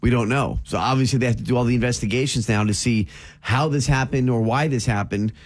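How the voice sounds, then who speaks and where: A man's voice: medium pitch, fast. A man co-hosting a casual news chat, talking emphatically with teasing rhetorical questions. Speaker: radio show co-host.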